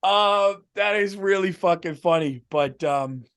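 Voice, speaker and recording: A middle-aged man co-hosting a podcast, telling stories in an animated, profane way and saying "dude" a lot. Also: sits high, measured pace, clear, resonant tone, no room sound, studio quality. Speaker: podcast co-host. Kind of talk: casual comedic storytelling.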